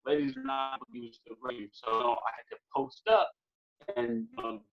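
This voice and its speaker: A young man from California, a podcast guest, telling a long funny story in a casual, animated way, full of fillers like "man" and "or what have you". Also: fairly high pitch, brisk, gravelly. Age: young adult. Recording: dull lo-fi podcast audio.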